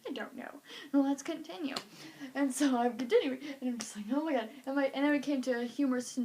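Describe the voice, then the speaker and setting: A woman's voice: high voice, fast talker. A woman vlogging, telling a story casually and acting out everyone's reactions with plenty of "like". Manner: animated, acting out reactions, lots of "like".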